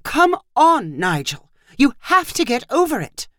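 A fed-up British wife and mother, as a woman reader puts her on, pitched high and swinging from weary pleading to shrill scolding. Her voice leaps up and down as she argues, close and dry on the mic in a storybook reading. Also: sing-song, moderate pace, no echo. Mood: insistent.

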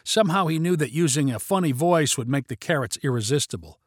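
Animated male storyteller, dry close sound. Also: a little high, fast talker, dry recording. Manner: animated storytelling, shifting into character voices. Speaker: narrator. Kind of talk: storybook narration.

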